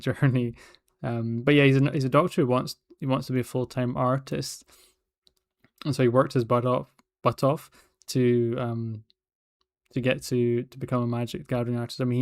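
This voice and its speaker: A man's voice: mid-range voice, flat delivery, normal speed, smooth, no room sound, clean studio sound. A young man with a light Scottish accent, chatting casually on a livestream, rambling and restarting his sentences as he talks. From Scotland. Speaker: artist livestreaming.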